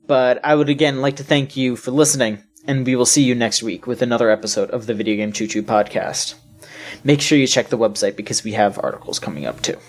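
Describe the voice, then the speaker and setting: A woman's voice: very deep voice, a little mellow. A woman co-hosting a casual video game podcast, rambling with lots of fillers and restarts. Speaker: podcast co-host.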